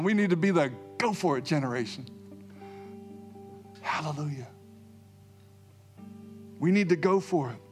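A man's voice: sits high, moderate pace, long pauses, faint music behind. A man preaching a sermon, emphatic, repeating key phrases and calling out hallelujah.

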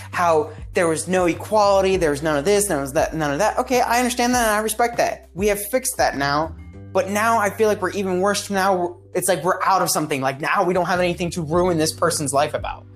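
A man's voice: sits high, lively intonation, fairly quick, a bit bright, faint music behind. A man appearing as a podcast guest, talking casually in a rambling, opinionated way and often restarting his sentences. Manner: rambling, opinionated, self-interrupting.

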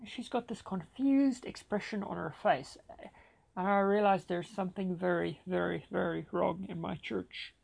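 Gravelly, husky man telling a story. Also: high voice, fairly even intonation, normal speed, darkish tone. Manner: dramatic storytelling with acted-out dialogue. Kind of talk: personal anecdote told dramatically.

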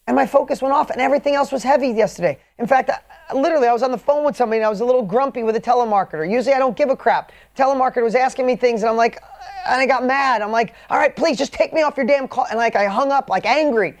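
A man giving a motivational training talk, energetic and emphatic, switching between quick bursts and slow drawn-out stresses, blunt and mildly profane. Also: high-pitched.

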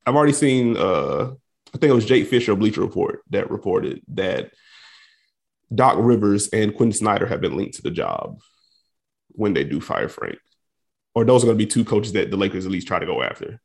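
Man, sports podcast co-host, animated pitch, teasing, inquisitive. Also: normal speed, creaky. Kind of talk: casual sports podcast chat.

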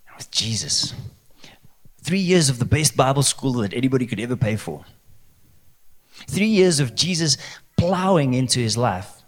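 Male preacher, animated, chatty sermon, rhetorical questions. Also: medium pitch. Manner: lively, conversational, asks the crowd rhetorical questions. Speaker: pastor.

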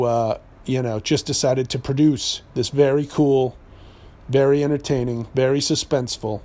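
A man from New Hampshire hosting a podcast, ranting in a sarcastic, animated way, often stumbling and correcting himself as he goes. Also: medium pitch. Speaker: podcast host and voice actor.

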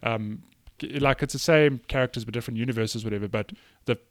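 A chatty man co-hosting a podcast, mid-pitched, with frequent hesitations and easy laughter. His voice is close to the mic and sounds dry. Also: fast talker, no echo. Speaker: podcast co-host. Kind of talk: casual chat.

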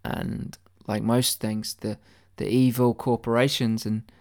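This deadpan satirical conspiracy rant comes from a man with a mid-range voice who talks a little slowly. He rambles mock-earnestly, swears, and stammers before restarting his sentences.

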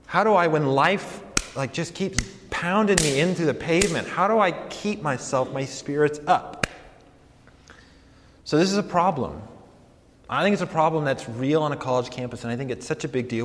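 A young adult man, a campus ministry pastor, giving a conversational sermon with self-deprecating, animated storytelling. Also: on the high side, brisk, background noise. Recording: long hall reverb.

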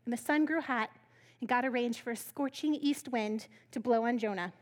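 High-voiced woman preaching with humor. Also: moderate pace. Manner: humorous, conversational storytelling. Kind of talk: sermon.

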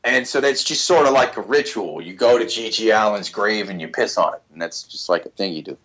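A man's voice: lowish voice, fairly quick, a bit bright. A man on a podcast, rambling profanely with many restarts in casual banter. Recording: slightly dull lo-fi sound.

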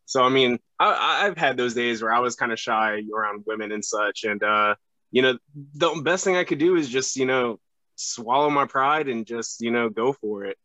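A young man chatting on a podcast as a guest, halting and full of fillers and restarts. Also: medium pitch, bright, forceful tone, dry recording, muffled recording. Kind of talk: casual podcast chat.

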